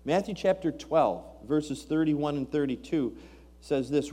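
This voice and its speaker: A man's voice: fairly high pitch, a little slow, dark tone, slightly rough. A man preaching a sermon, reading scripture aloud and asking rhetorical questions with rising emphasis. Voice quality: King James scripture reading.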